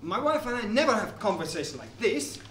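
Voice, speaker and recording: A man's voice: high-pitched, big pitch swings, brisk, fairly bright tone, reverberant, slight background noise. A man playing a foreign visitor on set who complains in broken English.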